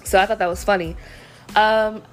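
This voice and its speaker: A woman's voice: medium pitch, fairly even intonation, moderate pace, faint music behind. Young woman, casual storytime vlogger, slightly sick and throaty, frank, chatty, filler-heavy delivery.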